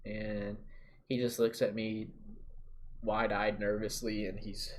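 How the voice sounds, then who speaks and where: A young man casually telling a story to camera, talking in slang and getting louder and more animated at the exciting parts. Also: on the low side, measured pace. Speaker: storyteller vlogger.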